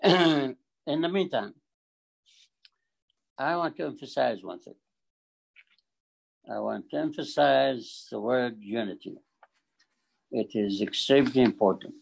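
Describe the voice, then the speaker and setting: Halting older man with a gravelly voice. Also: mid-range voice, darkish tone, poor audio. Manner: halting, repeats words, emphatic. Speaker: community forum speaker. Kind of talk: speech at a community forum.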